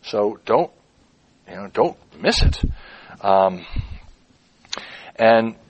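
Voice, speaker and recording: A man's voice: lowish voice, lively intonation, drawn-out words, lo-fi sound. A man preaching a sermon, musing aloud and repeating words as he turns them over. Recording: clip-on mic.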